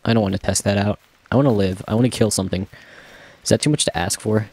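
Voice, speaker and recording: A young man with a lowish, slightly mellow voice talks fast as he commentates his own gameplay in a casual let's-play. He chats away to himself, joking and poking fun at himself.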